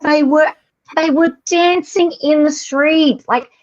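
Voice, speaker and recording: A woman's voice: high voice, fairly even intonation, takes it slowly, darkish tone. A middle-aged woman chatting casually as a podcast guest, gushing and repeating words for emphasis over a video call. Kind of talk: casual chat. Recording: dull lo-fi call audio.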